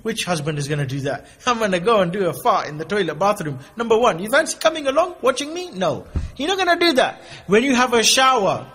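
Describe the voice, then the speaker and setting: A man's voice: high voice, big pitch swings, fairly quick, a bit bright, slight background noise. A man giving a casual, joking lecture at a mosque, acting out little asides. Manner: humorous, conversational, acts out asides. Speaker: preacher.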